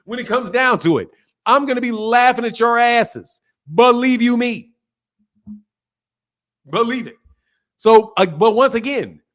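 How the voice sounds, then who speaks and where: Man, high-pitched voice, boxing channel host, heated casual rant, profane, repetitive, blunt. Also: a bit bright.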